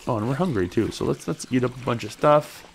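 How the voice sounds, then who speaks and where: A man hosting a let's play, chatting as he plays, thinking aloud and talking to his character, with sudden excited high exclamations. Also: fast, gravelly, slight background noise. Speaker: gaming channel host.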